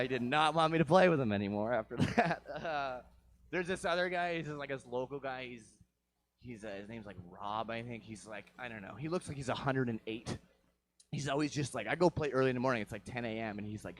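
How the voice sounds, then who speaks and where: A man's voice: on the high side, a little fast, fairly bright tone. Profane rambling stand-up man. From Vancouver area, Canada. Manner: crude, profane, rambling with frequent "right?". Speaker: stand-up comedian. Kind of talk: stand-up set. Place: comedy show stage.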